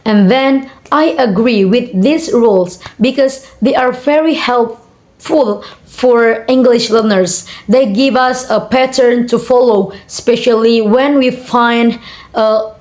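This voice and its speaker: A young woman reads out a class assignment, moving at an unhurried, halting pace. Her voice sits a little on the high side. She pauses often on fillers and says example words more than once. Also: a little mellow. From Indonesia. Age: young adult. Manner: hesitant, frequent fillers and repeated example words. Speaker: university student. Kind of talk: reading a class assignment on word stress.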